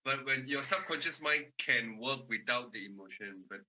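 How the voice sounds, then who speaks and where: A man's voice: medium pitch, normal speed, bright, forceful tone, rough recording. A man on a comedy podcast panel, talking casually with many repeated words and restarts. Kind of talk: casual chat.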